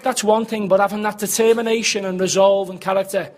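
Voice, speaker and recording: A man's voice: high voice, flat delivery, fairly quick. A man earnestly reviewing a match in a casual fan chat, repeating himself. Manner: earnest, repetitive, stumbling. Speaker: football fan pundit.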